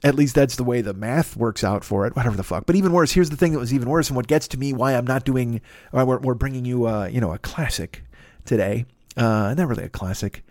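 A man's voice: medium pitch, fast, a little mellow, dry recording, studio quality. Profane, rambling man telling a story. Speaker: podcast host. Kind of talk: casual storytelling chat.

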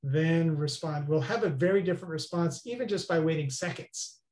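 Earnest male guest, slightly high voice, roomy echo. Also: animated, fast, a little mellow. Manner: earnest, explanatory, often asks "right?". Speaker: guest expert. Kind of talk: interview conversation.

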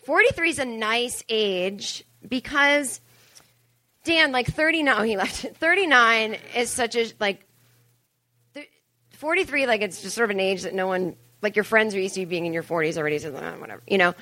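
A woman in her forties, a comedian and podcast host, performs a live stand-up monologue for an audience. Her slightly high voice is bright and forceful at normal speed with no echo, and she's chatty, profane, self-mocking, and full of asides.

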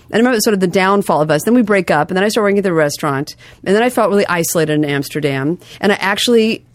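A woman's voice: medium pitch, animated, rapid-fire, dry recording. A woman, a comedian guest, rambling in casual chat, self-deprecating and full of restarts. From United States.

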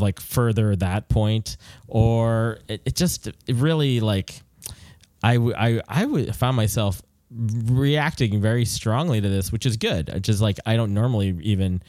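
A man's voice: fairly low pitch, darkish tone, dry recording, clean studio sound. A man talking casually about a film, rambling with frequent restarts. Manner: rambling, restarts often, lots of "like". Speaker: podcast co-host.

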